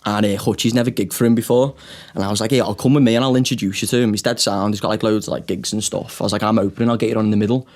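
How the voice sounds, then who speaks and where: A man's voice: fairly low pitch, steady tone, very fast, darkish tone. A young man, a comedian co-hosting a podcast, telling stories in casual chat, swearing often and laughing through them.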